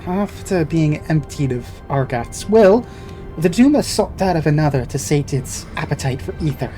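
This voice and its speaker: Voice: medium pitch, lively intonation, normal speed, dark tone, faint music behind, lightly acted. A player voicing a formal, grave guardian figure from a game, read aloud. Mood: solemn. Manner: formal dialogue read aloud, stumbling into giggles.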